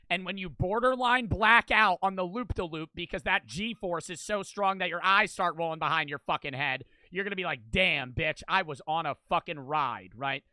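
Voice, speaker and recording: A man with a high, crisp, bright voice tears into whatever is on screen. His rants are crude and sarcastic, heavy on swearing, and the recording is close and dry with no room sound. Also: no echo. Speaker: video commentator. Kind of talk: profane comedic rant.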